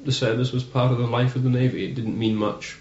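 A man's voice: medium pitch, flat delivery, fast, darkish tone. A male interviewer who asks prompting questions and murmurs short assents. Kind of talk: oral history interview. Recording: roomy, dull archival tape with faint hiss.

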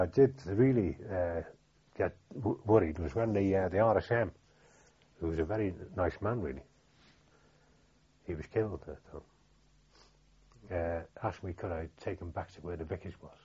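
An older man with a Liverpool accent tells his memories haltingly, with frequent restarts and fillers. His voice sits low and sounds husky. The recording is dull and lo-fi. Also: warm tone. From Liverpool, England. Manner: halting, many restarts and fillers, plain-spoken. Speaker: veteran interviewee. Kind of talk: oral history recollection.

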